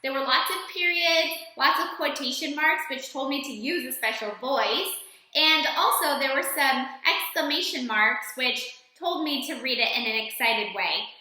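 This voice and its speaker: High bright teacher in an echoey room. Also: female voice, moderate pace. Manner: clear, encouraging instruction to young students. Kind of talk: recorded classroom lesson.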